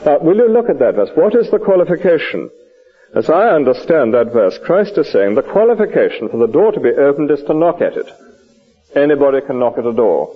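A man preaches at a midday church service, his husky voice swinging widely up and down. He keeps asking his listeners questions and answering them himself. The recording is dull and lo-fi, like an old archive tape. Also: a little high, a little fast. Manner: lively, questioning preaching with rhetorical asides. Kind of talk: sermon. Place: church at a lunch hour service.

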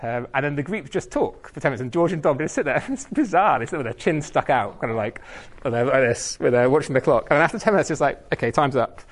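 A man's voice: on the high side, lively intonation, fast. A man giving an informal, self-mocking training talk on leading Bible study, with many ums.

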